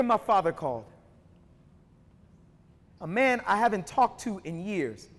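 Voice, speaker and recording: High-voiced man performing slam poetry. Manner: rhythmic, rising to shouted emphasis in poems, relaxed and joking between. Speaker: performance poet. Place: university hall before an audience. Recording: long hall reverb from a live stage.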